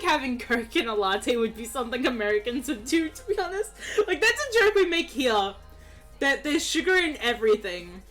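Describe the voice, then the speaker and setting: Bright-voiced Australian woman streamer. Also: on the high side. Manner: chatty, giggly, rambling. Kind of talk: casual chat while gaming.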